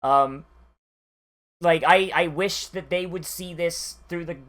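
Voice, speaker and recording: Anime reviewer, casual reaction commentary, rambling, profane, lots of fillers, mid pitch. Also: slow pace, fairly bright tone.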